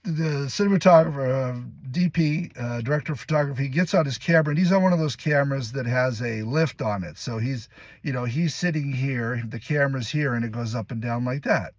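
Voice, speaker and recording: Guy with a kinda husky voice telling a fun story from set, dry close sound. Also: mid-range voice, a little fast, no echo. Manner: lively, laughs while telling, acts out other people's lines. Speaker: commercial actor. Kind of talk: casual anecdote storytelling.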